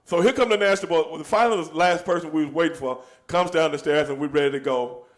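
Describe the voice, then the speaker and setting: A man's voice: on the high side, fast. A man telling a story in casual chat, laughing and acting out the people he quotes. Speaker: show host telling a story.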